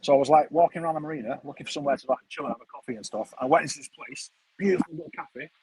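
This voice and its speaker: A man's voice: a little high, very fast, crowd noise, poor audio. A man, telling a rambling, chatty story full of slang as a streamer. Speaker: football streamer. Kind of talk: casual storytelling chat.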